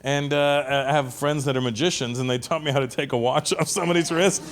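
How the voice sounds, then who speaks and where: A male comedian telling a long stand-up story, lively, often acting out the lines of the people in it. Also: a little high, brisk. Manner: animated, acts out other people's lines.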